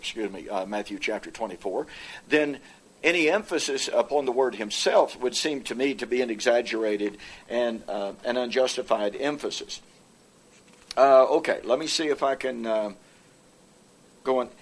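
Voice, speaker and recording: Debater, male, mid-pitched, argues point by point and stumbles over fillers often. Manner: halting, frequent "uh" fillers and restarts. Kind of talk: formal theological debate presentation. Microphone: presenter with projected notes.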